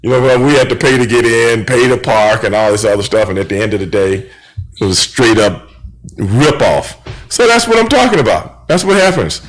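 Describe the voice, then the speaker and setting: A middle-aged man hosting a radio show, telling stories from the road in a casual, animated way and acting out the dialogue. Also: medium pitch, moderate pace. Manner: animated storyteller, acts out quoted dialogue, frequent "you know what I'm saying".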